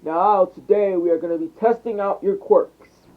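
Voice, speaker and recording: A young man voicing a firm male teacher calming a class in a fan story, over a tinny phone mic. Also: sits high, normal speed, heavy background noise, close to an everyday voice.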